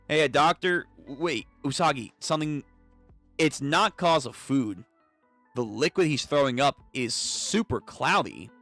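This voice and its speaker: A young man hosting a live comic read-through, reading all the parts in an animated, casual voice that swears freely. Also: medium pitch, unhurried, gravelly, faint music behind. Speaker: streamer reading manga.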